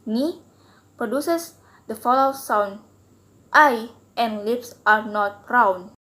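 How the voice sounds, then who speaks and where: A young woman, a student, reading her class assignment aloud carefully and deliberately. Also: fairly high pitch, a bit bright. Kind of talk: slow read-aloud class presentation.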